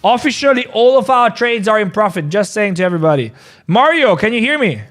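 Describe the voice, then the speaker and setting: A man hosting a casual live-stream about crypto trades, excitable and repetitive. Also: high voice, fairly quick, soft background music. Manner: excitable, repeats himself, calls people bro.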